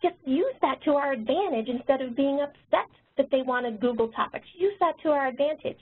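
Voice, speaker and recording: A woman nurse educator and author who talks quickly, presenting a webinar. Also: high-pitched, lively intonation. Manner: fast-talking. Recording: tinny phone-line webinar audio.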